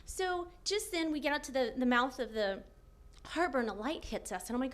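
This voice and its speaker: Young woman w a high voice, telling a funny story on a podcast, laughs a lot, acts out the quotes. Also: a little fast. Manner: animated, laughing often, acting out quotes. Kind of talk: comic personal story.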